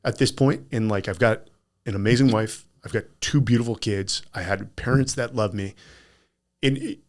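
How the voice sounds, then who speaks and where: A man speaking as a podcast guest, telling personal stories in a casual, animated way. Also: lowish voice, normal speed. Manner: animated anecdotal storyteller.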